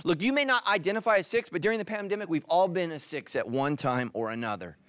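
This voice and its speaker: A middle-aged male pastor preaching a sermon, animated, swinging from loud emphatic peaks to hushed, quiet lines. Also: a little high, fast talker, no room sound, studio quality. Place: church stage.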